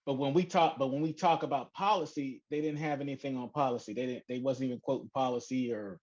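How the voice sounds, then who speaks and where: A man co-hosting a podcast, talking in a loose, conversational way with drawn-out phrasing. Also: mid-range voice, steady tone, a little mellow. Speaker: podcast co-host. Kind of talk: casual chat. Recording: dull lo-fi podcast audio.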